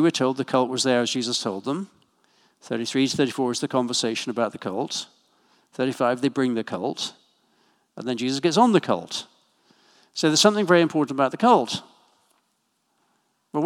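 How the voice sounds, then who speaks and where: A man preaching a sermon in a church, talking in a relaxed, conversational way with asides and small jokes. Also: mid-range voice, a little fast, pauses often. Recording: long hall reverb.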